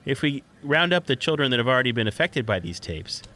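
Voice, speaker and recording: A man's voice: mid-range voice, big pitch swings, fast, bright, forceful tone, slight background noise. Tentative man with keyboard clicks behind. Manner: tentative, musing suggestions. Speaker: player. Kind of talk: casual tabletop game chat.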